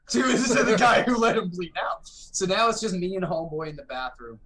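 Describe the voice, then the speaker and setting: A man being interviewed as a guest gamer, telling stories in an animated way and acting out the other players. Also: fairly high pitch, a little fast, slight background noise, poor audio. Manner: animated, acts out quoted players with shouts and laughs. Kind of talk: casual interview storytelling.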